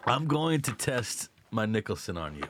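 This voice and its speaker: A man's voice: fairly low pitch, sing-song, normal speed, noisy background. Playful teasing man hosting a chat. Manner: playful, teasing, swears freely. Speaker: podcast host. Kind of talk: casual chat.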